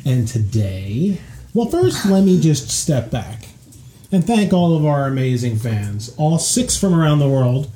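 A man's voice: on the high side, big pitch swings, unhurried, mellow, slight background noise. A man hosting a relationship podcast, joking and bantering playfully with his co-host. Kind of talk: casual chat.

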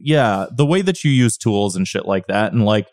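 Low-voiced host man, dry and close. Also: big pitch swings, normal speed, a little mellow, no echo. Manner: loose, profane, full of fillers. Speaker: podcast host. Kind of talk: casual podcast chat.

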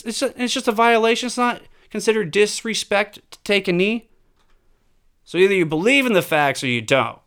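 A man delivers a heated opinion monologue and leans on rhetorical questions and swearing. His voice is smooth and resonant and sits a bit high for a man. He punches his points with emphasis. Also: fairly bright tone.

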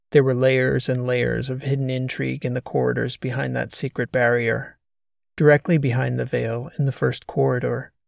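A man narrating a science fiction audiobook in a measured, even way. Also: medium pitch, creaky, no echo, clean studio sound. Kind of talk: scripted narration.

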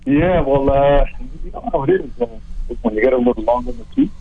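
A middle-aged man who grew up abroad, a council president speaking as a phone-in guest, halting with many fillers. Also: mid-range voice, lively intonation, no room sound. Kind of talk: phone-in interview. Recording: dull phone line.

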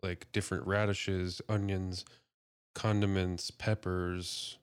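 Deep-voiced laid-back man. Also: level tone, takes it slowly, smooth, no echo, clean studio sound. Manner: laid-back, laughs easily, swears casually. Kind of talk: casual chat.

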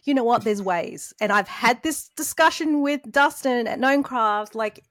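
A woman's voice: on the high side, animated, a little slow, fairly bright tone, no room sound, studio quality. An Australian woman, a guest miniature artist, chatting casually on a podcast and full of "like" and "you know".

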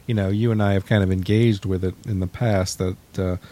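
A man co-hosting a podcast in casual chat, relaxed and joking, rambling with fillers as he talks. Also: low-pitched, a little fast. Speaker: podcast co-host.

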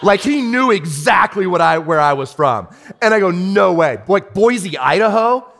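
Lebhafter Pastor in einer Kirchenhalle. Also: male voice, high-pitched, normal speed, creaky, slight background noise. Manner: animated, chatty, many restarts and asides. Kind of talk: sermon storytelling. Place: church. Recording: church hall reverb.

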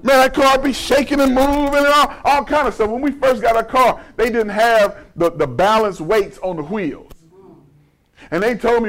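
Male pastor, high voice, folksy conversational sermon with humor and call-and-response. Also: normal speed, a bit bright.

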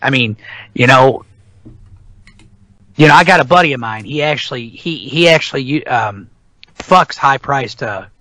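A man's voice: mid-range voice, lively intonation, measured pace, long pauses, bright, forceful tone, no echo, rough recording. A middle-aged man chatting casually as a podcast co-host, rambling and swearing freely. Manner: rambling, profane, ranting. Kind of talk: casual chat about metal albums.

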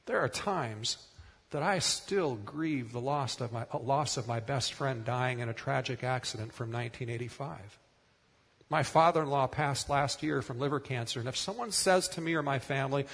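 A man's voice: medium pitch, moderate pace, a bit bright, husky, in a large hall. A middle-aged man preaching a sermon as pastor, earnest and emphatic, repeating words for stress.

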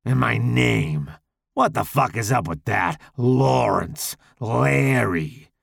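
A man voicing a menacing, deformed hulking male killer with a rough gravelly growl, taunting and foul-mouthed in a slow drawl. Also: mid-range voice, expressive, no echo, clean studio sound, full character voice.

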